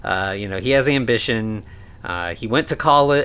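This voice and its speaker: A man's voice: on the low side, expressive, normal speed, fairly bright tone, clean tone. A man co-hosting a podcast, talking through a film in a casual, rambling way with many fillers and restarts. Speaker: podcast co-host.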